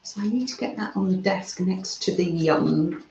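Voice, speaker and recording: A soft-spoken woman hosting a gentle craft live stream, reading out chat messages and murmuring as she works at home. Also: medium pitch, moderate pace. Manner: soft-spoken, murmurs "mm" often, trails off mid-sentence. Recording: roomy, slightly dull home recording.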